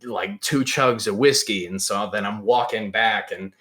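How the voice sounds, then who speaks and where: A young man, hosting a podcast and telling a lively story in casual chat. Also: fairly low pitch, unhurried. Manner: animated storyteller, acts out quoted voices loudly. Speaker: podcast host.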